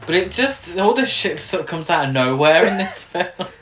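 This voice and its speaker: Podcast co-host, mid-pitched, teasing and giggly, roomy echo. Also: lively intonation, moderate pace, a bit bright. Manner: wry, teasing, laughs a lot. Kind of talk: casual film recap chat.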